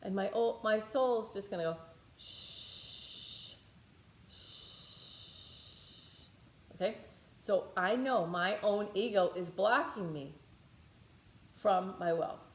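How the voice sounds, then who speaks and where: A woman's voice: medium pitch, measured pace, a little hiss or hum. Blunt, cursing woman guiding a tapping meditation. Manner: blunt, swears freely, thinks aloud mid-sentence. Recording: echoey room.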